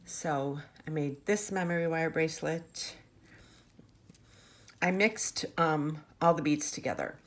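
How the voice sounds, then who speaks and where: A woman with a low, slow voice shows off her handmade jewelry in a casual show-and-tell vlog, chatty and gushing, full of fillers and restarts. She's recorded on a camera mic sitting on a tabletop.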